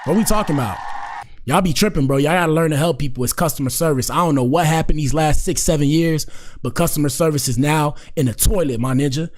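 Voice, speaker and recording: A man's voice: a little high, fast. Slangy man riffing as host. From United States. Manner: slangy, rambling, chuckling asides. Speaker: show host. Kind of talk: casual riffing commentary.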